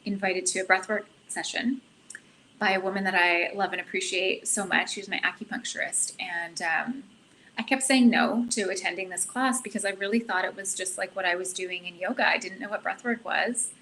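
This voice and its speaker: Guest, woman, middle-aged, earnest and animated, bright tone, faint noise behind. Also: medium pitch, normal speed, low-quality recording. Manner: earnest, animated, self-reflective. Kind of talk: casual storytelling.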